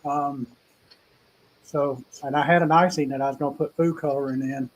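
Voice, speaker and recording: A man's voice: mid-range voice, fairly even intonation, moderate pace, a little hiss or hum, low-quality recording. A man hosting a casual cooking show, chatting in a folksy, rambling way. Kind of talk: casual live cooking chat.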